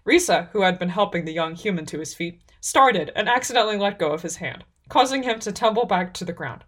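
A woman narrating a fantasy story in a measured reading voice. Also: medium pitch, expressive.

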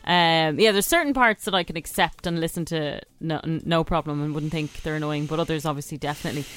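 A woman's voice: low-pitched, fast, a bit bright, clean tone, dry recording, soft background music. A woman from Ireland co-hosting a radio show, chatting in a candid, easygoing way. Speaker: radio co-host. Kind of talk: casual chat.

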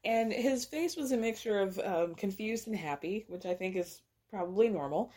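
A woman podcast host giving a chatty, slangy TV recap, acting out the characters' lines with quick laughs. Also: mid-range voice, lively intonation, mellow. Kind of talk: casual TV recap.

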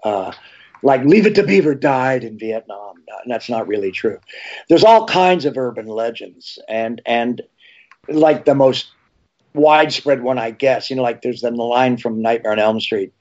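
A man, an actor and horror TV host, telling rambling animated anecdotes in a casual interview. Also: mid-range voice, moderate pace. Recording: slightly dull lo-fi sound.

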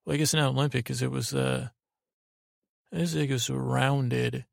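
Host, male, gravelly low-key storyteller, flat delivery, dry close sound, wandering and hesitant. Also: moderate pace, dry recording. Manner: meandering, hesitant, full of restarts and asides. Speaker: podcast host. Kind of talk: rambling sleep-story narration.

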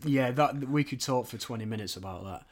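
Halting man in casual podcast chat. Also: mid-range voice. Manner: halting, many restarts and fillers. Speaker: podcast co-host.

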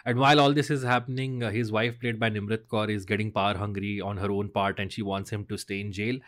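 Young man, podcast co-host, lowish voice, halting, lots of "uh"s. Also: flat delivery, a bit bright. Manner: hesitant, many fillers. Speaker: film review podcast co-host. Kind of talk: casual review chat.

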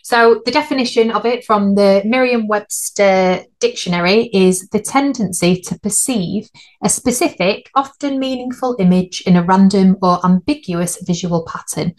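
A woman's voice: mid-range voice, normal speed. A woman, co-hosting a podcast in casual chat and laughing at her own slips. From United Kingdom. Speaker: podcast co-host.

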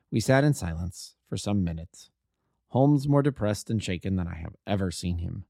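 A man narrating a classic detective story aloud as an amateur audiobook reader, with a steady, even delivery. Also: low voice, moderate pace, vocal fry, no room sound, studio quality.

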